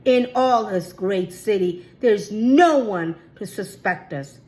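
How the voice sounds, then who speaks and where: A woman's voice: mid-range voice, lively intonation, takes it slowly, a little mellow. A woman reading the lines of a male thief's jittery sidekick in a chapter book. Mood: scoffing.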